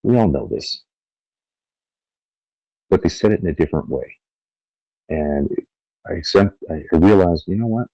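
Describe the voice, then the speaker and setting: A deep, mellow male voice tells stories with blunt candor, dropping curses and slipping into quoted voices. He sounds middle-aged. The recording is dry and close, with slightly dull, lo-fi highs. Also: unhurried, long pauses, no room sound. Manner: blunt, profane, animated storytelling with acted-out quotes. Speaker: podcast guest. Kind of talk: candid interview talk.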